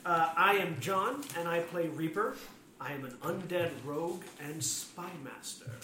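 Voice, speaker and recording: A man's voice: on the high side, unhurried, pushed and bright. A man hosting a casual tabletop game podcast with playful quips. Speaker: host and player. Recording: echoey room with faint noise.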